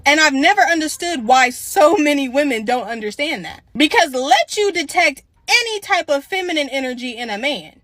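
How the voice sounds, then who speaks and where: A woman gives blunt, sassy commentary straight into a dry, close mic. Her voice is bright and a touch high, and she lectures her audience like she is settling an argument. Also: no room sound. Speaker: commentary channel host. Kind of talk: reaction commentary on clips.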